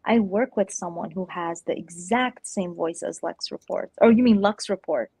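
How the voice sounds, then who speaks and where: A woman's voice: lowish voice, normal speed, dark tone, slightly rough, no room sound. A woman chatting casually on a livestream, rambling with lots of "like", laughing often and slipping into playful impersonations. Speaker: stream guest. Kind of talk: casual chat.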